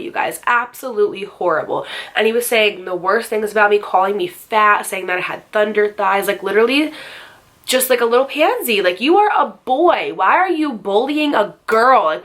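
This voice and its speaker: A woman in her twenties telling a personal story to her viewers in a casual vlog, chatty and full of "like" fillers and animated asides. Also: medium pitch. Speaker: YouTube storyteller.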